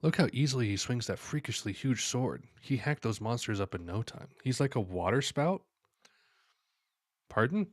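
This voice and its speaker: A man streams live, reading manga panels aloud in an expressive, mid-range voice, voicing every character's lines and slipping in quick reactions between them. He sounds sleepy and yawns along the way. The recording is dry.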